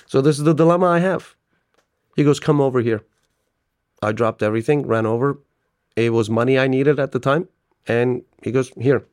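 A man guest on a podcast interview, telling stories with lively acted-out dialogue and frequent laughter. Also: mid-range voice, normal speed, pauses often, no echo, clean studio sound. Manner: animated storyteller, laughs often, acts out dialogue. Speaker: business owner guest.

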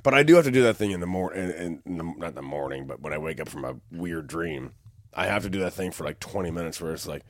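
A young man in casual chat, a profane, animated storyteller who acts out what people said. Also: deep voice, fast talker, creaky.

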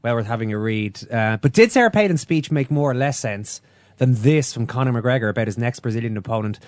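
An Irishman hosts a sports podcast in an easy, wry tone, with mid-range pitch. The studio sound is dry and close. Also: no echo. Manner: wry, amused. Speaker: podcast host. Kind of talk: casual sports chat.

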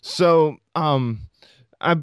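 Podcast host, male, smooth voice, chatty jokey delivery, dry close mic. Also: on the high side, very slow, dry recording. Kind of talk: casual podcast interview.

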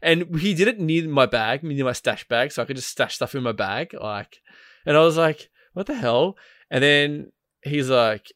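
A man's voice: medium pitch, lively intonation, moderate pace, fairly bright tone, dry recording. Rambling New guy, dry mic. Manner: rambling, laughing, full of fillers and swearing. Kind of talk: casual gaming chat.

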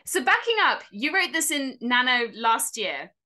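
English woman host, bright lively voice, gushing fan energy. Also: high voice, a little slow. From England. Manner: gushing, enthusiastic, giggly. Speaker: podcast host. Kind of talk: casual interview chat.

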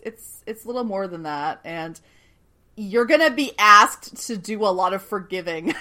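Chatty, laughing woman recapping a show. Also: lowish voice. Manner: laughs often, animated, swears casually. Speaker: podcast co-host. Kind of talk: casual recap chat.

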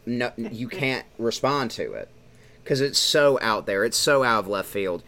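A man hosting a casual podcast, reviewing a film in animated talk full of fillers. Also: medium pitch, measured pace. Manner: animated, talks through with fillers. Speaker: podcast host. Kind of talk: casual movie review chat.

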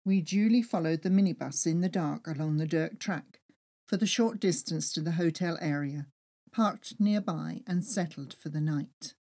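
A woman reading her own travel memoir aloud with lively, expressive storytelling. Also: sits low, moderate pace. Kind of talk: first-person memoir reading.

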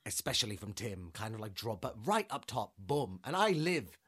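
A man's voice: on the low side, sing-song, normal speed, a bit bright, breathy edge. A man co-hosting a podcast, chatting casually about films in a rambling way, full of fillers and restarts. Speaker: podcast co-host. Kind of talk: casual film chat.

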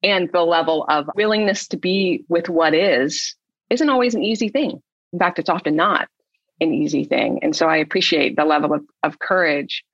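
A woman hosting a panel conversation, asking guests searching questions in a relaxed, meandering way. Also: sits low, normal speed, dry recording, lo-fi sound. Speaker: host, moderator. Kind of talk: casual conversation.

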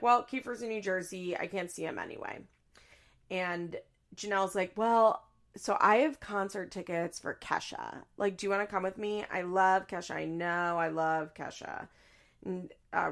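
Brief: young woman, casual recap host, vocal fry, lively and quick with impressions. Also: fairly low pitch. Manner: chatty and animated, acting out quotes in shrieky voices. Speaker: podcast host recapping a reality show.

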